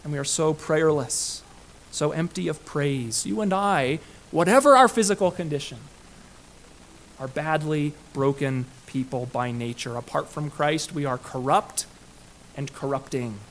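A pastor delivers a sermon in a slightly high male voice, pressing his points with emphatic, swelling delivery. A faint hiss of room ambience sits under his words. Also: unhurried. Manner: emphatic preaching with rising and falling intensity.

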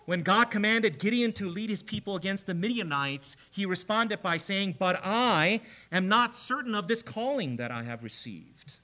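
A man preaching a sermon, emphatic, growing loud on the repeated key phrases. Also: high-pitched, expressive, normal speed, hardly any pauses.

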